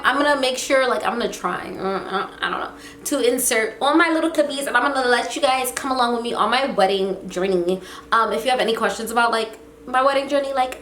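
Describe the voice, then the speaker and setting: A young woman tells a story to her viewers in a loose, slangy way, acting out the lines of the people in it. Her voice sits fairly high, and the room around her echoes, with faint ambient noise behind. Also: brisk. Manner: animated, slangy, acts out quotes. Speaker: vlogger. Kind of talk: casual storytime vlog.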